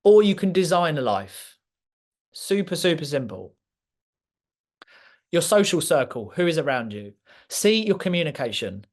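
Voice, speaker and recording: A man's voice: a little high, sing-song, unhurried, pauses often. A man delivering a motivational masterclass talk, emphatic and repeating key points for effect. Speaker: speaker.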